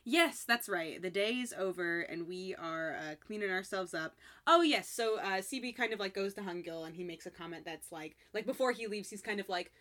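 A woman's voice: medium pitch, normal speed, hardly any pauses, fairly bright tone. A woman co-hosting a casual podcast, animatedly retelling a drama episode and acting out the characters' lines. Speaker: podcast co-host. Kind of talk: casual recap chat.

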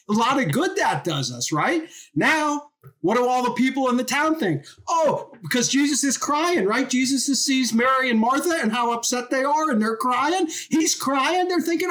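A woman telling a Bible story as an informal sermon, animated and full of rhetorical questions. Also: sits high, normal speed.

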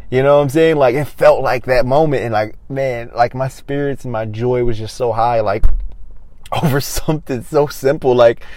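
A young man hosting a podcast, telling a personal story in a casual, animated way with lots of fillers and acted-out dialogue. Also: medium pitch, no echo. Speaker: podcast host.

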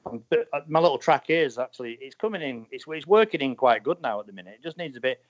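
A man's voice: mid-range voice, lively intonation, quick pace, no room sound. A man in his forties, a motorcycle racer, chatting casually in a rambling way with many "you know"s. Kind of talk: casual chat. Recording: dull lo-fi dry sound.

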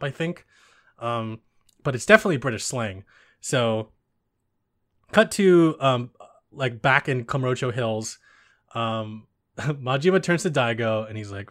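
A man's voice: mid-range voice, lively intonation, normal speed, pauses often, a bit bright. A young man in casual chat about video games, rambling with many fillers and frequent laughter.

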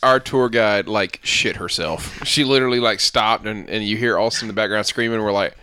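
A man in casual group chat, jumping in eagerly to add to the story. His voice is mid-pitched with a bright, clear edge. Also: fairly quick, hardly any pauses, dry recording. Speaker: friend in the conversation.

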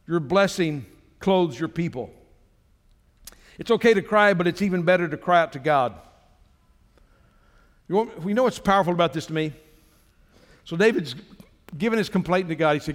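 High-voiced preaching man, long hall reverb. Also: lively intonation, normal speed, long pauses. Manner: emphatic preaching, rising to exhortation. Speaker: pastor. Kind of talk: sermon.

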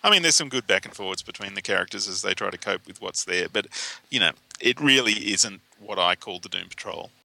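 A man's voice: lowish voice, expressive, a little fast, vocal fry, few pauses, sharp tone, poor audio. A man, casually recapping comic book plots on a podcast with wry asides. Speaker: podcast co-host.

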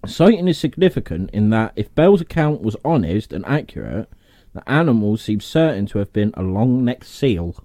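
A man with a lively, up-and-down voice hosts a casual podcast, reading facts aloud and breaking into jokes and swearing. The sound is dry and close, with no room in it. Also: lowish voice, normal speed, no room sound. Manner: joking, swearing, laughs often. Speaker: podcast host.

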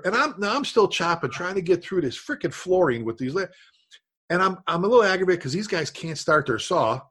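A man's voice: sits high, animated, quick pace, a bit bright, husky. A middle-aged man, a firefighter and instructor, telling a story in casual chat, acting out voices and saw noises.

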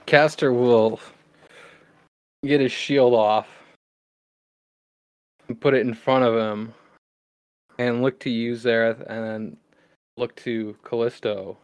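Player from Wisconsin, male, measured descriptive narration, dry close sound. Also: medium pitch, steady tone, clean tone, no echo. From Wisconsin, United States. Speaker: tabletop game player. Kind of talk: narrating his character's actions.

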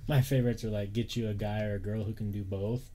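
A man's voice: on the low side, steady tone, quick pace, mellow, a little hiss or hum. A man hosting a podcast, chatting casually and joking loosely with plenty of fillers. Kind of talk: casual chat reacting to images.

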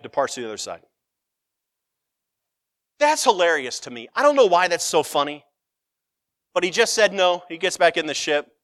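A man's voice: fairly high pitch, dry recording, clean studio sound. A man preaching a sermon, reading scripture aloud and retelling it with humor, acting out the quotes. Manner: animated storytelling, acts out quotes, finds scripture funny.

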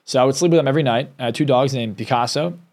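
A man's voice: mid-range voice, rapid-fire, a little mellow. A man, a success coach and hypnotist, telling a candid, emotional personal story as a podcast guest, often restarting his sentences.

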